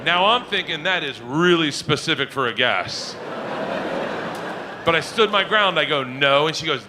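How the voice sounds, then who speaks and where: A middle-aged male comedian with a high, swooping voice, shouting his punchlines as he tells stories on a club stage. The live recording has clear audience noise around him. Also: moderate pace. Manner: loud, animated storytelling with shouted punchlines. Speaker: stand-up comedian. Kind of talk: stand-up comedy set. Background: audience laughter.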